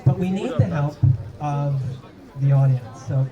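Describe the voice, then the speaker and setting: Male host at a fan event, chatty, high and animated, dull roomy sound. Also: unhurried, crowd noise. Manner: chatty, stumbling, repeats phrases. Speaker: event host and improv game leader. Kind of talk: live stage panel.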